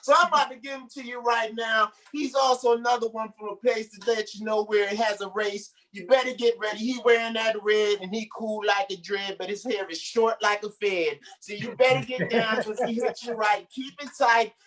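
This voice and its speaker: A woman's voice: a little high, fairly even intonation, normal speed, few pauses, fairly bright tone. A woman emceeing a comedy show, hyping the crowd with rhyming introductions and call-and-response. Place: small comedy stage before a live audience.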